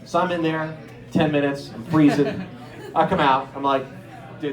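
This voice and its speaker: A middle-aged man from Erie, Pennsylvania, telling stand-up stories and acting out the people in them with sudden jumps in pitch. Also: moderate pace, reverberant, crowd noise, low-quality recording. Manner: animated, acts out characters with jumps in pitch. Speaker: stand-up comedian. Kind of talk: stand-up storytelling.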